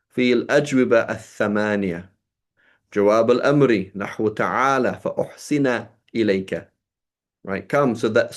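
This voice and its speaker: A man with a low-set voice teaches grammar to a small group. He works through each point step by step and checks understanding with a quick "right?" after almost every idea. He is heard over a video call. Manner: explanatory, checks in with frequent "right?".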